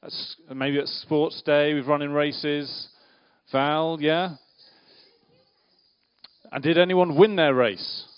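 A man's voice: a little high, fairly even intonation, slow, pauses often, smooth. A man giving an interactive church talk, playfully questioning the audience and directing a volunteer. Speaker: preacher giving a children's talk. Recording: dull lo-fi sound.

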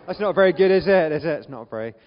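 A man's voice: fairly high pitch, expressive, fast. A man with a Northern Irish accent preaching a sermon as a visiting preacher, chatty and self-deprecating, with frequent ums. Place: church hall. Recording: dull church recording with long reverb.

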